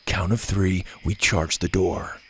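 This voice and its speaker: An unflappable boy camper, as a man reading a storybook puts him on, pitched low and steady. He gives orders plainly, with no fuss. A gravelly texture sits under every word. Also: measured pace, full character voice. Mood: calm. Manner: calm, flat and matter-of-fact.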